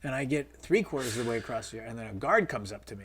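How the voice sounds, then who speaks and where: A man's voice: on the low side, fast talker, few pauses, a bit bright, husky. A middle-aged filmmaker, a man, telling stories casually in an interview, with many fillers and quoted dialogue. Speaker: guest filmmaker.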